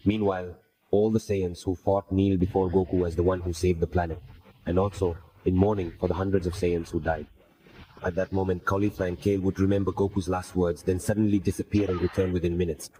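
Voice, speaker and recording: A man giving scripted narration of a fan-made anime story in an even, plain way. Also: low-pitched, fairly quick, a little hiss or hum, poor audio. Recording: faint music bed under voice.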